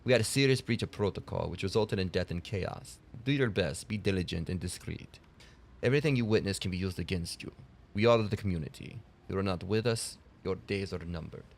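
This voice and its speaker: A man voicing the male spokesman of a secret society, using a put-on Russian accent and a slow, grave, ominous delivery. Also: low-pitched, vocal fry, slight background noise, pitched below the performer's own voice.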